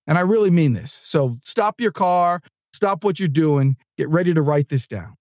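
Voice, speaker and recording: An animated male podcast host whose pitch leaps and dips as he delivers an upbeat, jokey sales pep talk. His voice is dry and close, with no room sound behind him. He pushes hard on his big points and tosses off quick comic asides. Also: no room sound. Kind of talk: motivational podcast monologue.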